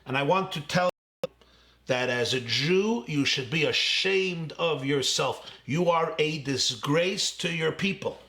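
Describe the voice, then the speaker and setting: A man's voice: on the high side, unhurried, creaky, bright, forceful tone, full character voice. A man voicing an angry ninety-one-year-old man who berates a banker on the phone. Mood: accusing. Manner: berating, accusing, bitter.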